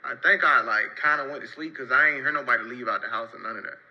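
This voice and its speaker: A young man telling a casual story-time tale in loose, rambling, slang-heavy talk, marking each turn with a quick "so boom.". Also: highs cut off. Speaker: storyteller in a played clip.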